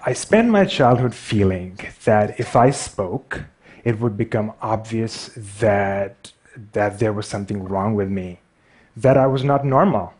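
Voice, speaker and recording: A man's voice: on the low side, expressive, unhurried, darkish tone. Wry man with a Pakistani accent. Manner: wry, self-deprecating. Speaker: speaker. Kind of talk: storytelling talk on stage.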